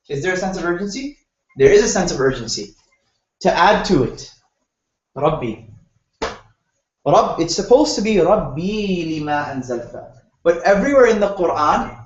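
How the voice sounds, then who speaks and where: A man teaching a Quran explanation class in a conversational way, putting questions to his students. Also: high-pitched. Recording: roomy, dull lo-fi classroom recording.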